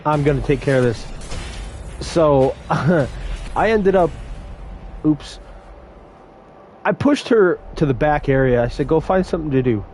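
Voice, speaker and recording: A young man telling brash, animated stories about run-ins with customers at his fast food job. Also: on the high side, faint music behind. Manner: brash, animated retelling of confrontations. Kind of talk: casual storytelling vlog.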